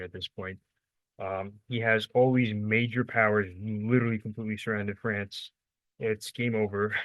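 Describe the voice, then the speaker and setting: A young man talks through a history lesson in a loose, unscripted way, stumbling over words and correcting himself as he goes. His voice sits low and stays fairly flat in pitch. The recording is dry, with no room sound. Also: no echo, poor audio. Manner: rambling and informal, many fillers and self-corrections, quick asides. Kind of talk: casual unscripted lecture.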